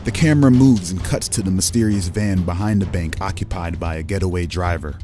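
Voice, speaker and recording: A low-voiced man runs a tabletop game as game master, calling out shots and scenes like a film director. He narrates in a steady, descriptive manner. Faint music plays under his voice. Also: brisk. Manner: cinematic, descriptive scene-setting.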